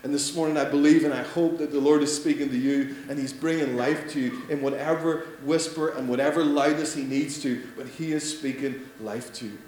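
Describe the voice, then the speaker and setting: Guy preaching a sermon, goes loud then hushed, lots of echo, faint hum behind. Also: a little high, a little fast, few pauses. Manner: animated, swings between loud emphasis and soft hushed lines. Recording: echoey room with faint hum.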